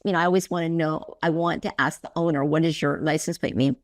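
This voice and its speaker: A woman with a low-pitched, steady voice talks fast as she hosts a casual podcast interview. She tells stories effusively, acting out her earlier remarks and quoting her own inner speech.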